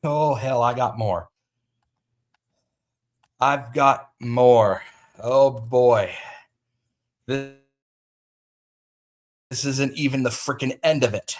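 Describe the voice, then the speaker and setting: A man's voice: medium pitch, slow pace, long pauses, darkish tone. A man hosting a livestream, ranting agitatedly about a feud, with frequent restarts. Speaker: livestream host. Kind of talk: livestream commentary.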